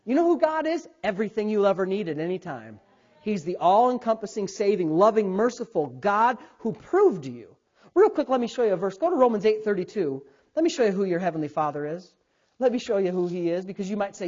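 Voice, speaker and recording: A man in his thirties preaches a sermon as a pastor, animatedly acting out voices, including God's, and calling on the congregation to respond. His voice sits high and moves fairly quickly, and the recording has a dull, lo-fi sound.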